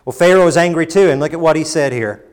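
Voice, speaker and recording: A man preaching a sermon, rising to emphatic bursts and dropping low and quiet, sometimes acting out quoted lines in mock voices. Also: fast talker. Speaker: pastor.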